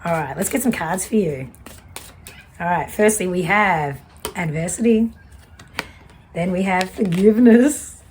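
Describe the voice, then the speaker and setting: A woman's voice: fairly low pitch, expressive, measured pace, pauses often, darkish tone, a little hiss or hum. A woman, giving a casual tarot reading in a fiery, direct way. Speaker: tarot reader.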